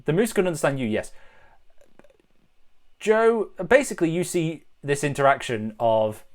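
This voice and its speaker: A man's voice: on the high side, sing-song, unhurried. Gm guy narrating the game, stops and restarts a lot, voice bounces around. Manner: hesitant, restarts and repeats words. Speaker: game master.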